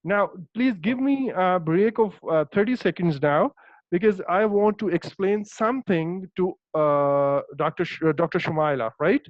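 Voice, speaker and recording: A man's voice: high-pitched, unhurried, dry recording. A man with a Pakistani accent, Urdu native, teaching English in an online lesson, hesitant with many fillers and stressing words. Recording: dull, dry lo-fi call audio.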